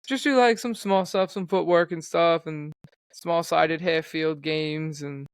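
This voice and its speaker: A man's voice: on the high side, a little slow, clear, resonant tone, dry recording. A young man co-hosting a podcast, chatting casually in a laid-back, profane way. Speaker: podcast co-host. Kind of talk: casual chat.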